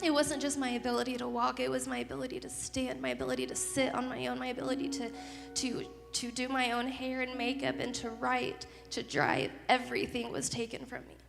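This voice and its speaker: A woman with a fairly high voice shares her testimony with a youth group, earnest and full of feeling. Her voice rings out in a large, echoey hall. Soft music plays quietly behind her. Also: flat delivery, brisk, vocal fry. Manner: earnest, emotional storytelling.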